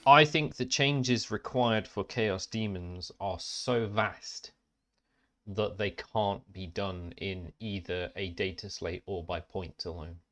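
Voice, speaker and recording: Deep-voiced blunt man on a podcast. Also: takes it slowly, sharp tone. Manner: blunt, sweary, complaining about game rules. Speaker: podcast co-host. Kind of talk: casual chat.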